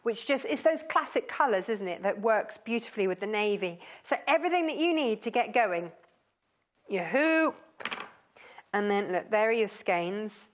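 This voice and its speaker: A woman presenting craft products on a shopping channel, chatty and gushing with plenty of fillers. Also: medium pitch.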